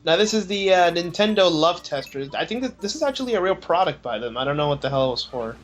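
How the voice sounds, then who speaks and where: A man narrating his own gameplay in a casual let's play, chatty and quick to laugh as he explains what he is doing. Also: high voice, very animated, a bit bright. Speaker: let's play host playing the game. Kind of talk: casual game commentary.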